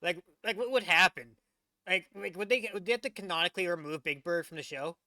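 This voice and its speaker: Bright rambling male reaction host. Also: high voice, quick pace, no echo. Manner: rambling, excitable, many restarts. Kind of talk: casual reaction commentary.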